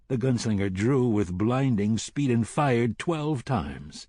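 A man narrating a novel as an audiobook in a measured, solemn storytelling manner. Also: mid-range voice, animated, darkish tone, dry recording, studio quality. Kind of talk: scripted narration.

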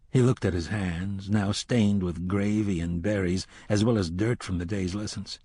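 A man narrating a story in a measured storytelling voice, raising his voice for the characters' lines. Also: sits low, steady tone, dark tone, breathy edge, dry recording. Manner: measured storytelling, lifts voice for dialogue. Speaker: audiobook narrator.

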